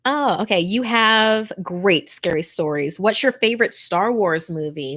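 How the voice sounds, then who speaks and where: A woman reads a horror story on a livestream, her voice hushed and tense, slipping into whispers at the scariest moments. Between readings she turns chatty, laughing easily as she thanks viewers. Her pitch sits in a middle register. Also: lively intonation, moderate pace. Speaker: livestream host and story narrator. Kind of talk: dramatic horror story reading, then casual livestream chat.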